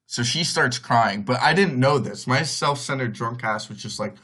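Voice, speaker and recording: A man's voice: medium pitch, lively intonation, moderate pace, hardly any pauses, a bit bright. Rambling young man telling a story. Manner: rambling, heavy on "like", acts out others' voices. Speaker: podcast host. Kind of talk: casual storytelling monologue.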